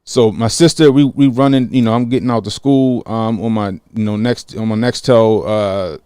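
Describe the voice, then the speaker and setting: A man's voice: fairly low pitch, moderate pace, smooth, dry recording, clean studio sound. Chatty man in his thirties livestreaming. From Baltimore, USA. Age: 30s. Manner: animated, acts out quotes, greets chat by name. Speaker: livestream host. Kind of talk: casual livestream storytelling.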